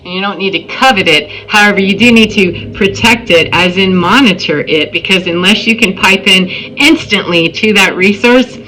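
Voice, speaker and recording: A woman's voice: medium pitch, normal speed, hardly any pauses, sharp tone, slight background noise, rough recording. A woman telling a personal story in a casual, emphatic spiritual monologue, acting out what people said. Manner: emphatic, storytelling with acted-out quotes. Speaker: spiritual vlogger.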